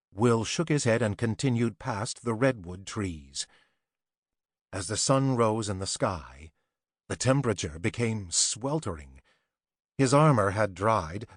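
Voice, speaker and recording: A man reading an audiobook in steady, measured scripted narration, close to a studio mic. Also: on the low side, no echo.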